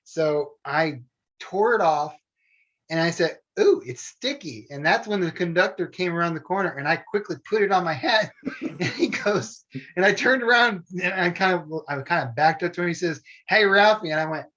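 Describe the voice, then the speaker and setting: A man's voice: on the high side, moderate pace, bright, forceful tone. Man, storytelling chat, keeps laughing, muffled lo-fi sound. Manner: laughing often while telling stories, Southern phrasing. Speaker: former theme park train show performer. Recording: dull lo-fi sound.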